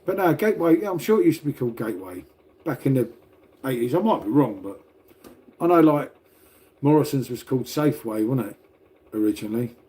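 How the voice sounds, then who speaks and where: Older English bloke, livestream chat, rambling and sweary, mellow low tone. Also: male voice, lively intonation, a little fast, long pauses. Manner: rambling and swears freely, calls everyone mate. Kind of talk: casual livestream chat with viewers. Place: at home, making coffee.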